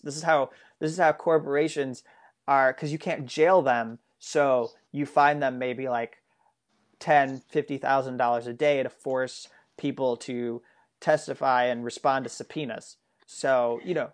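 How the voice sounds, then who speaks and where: A man co-hosting a casual political discussion, talking earnestly and rambling with frequent restarts. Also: medium pitch. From United States. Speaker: political commentary co-host.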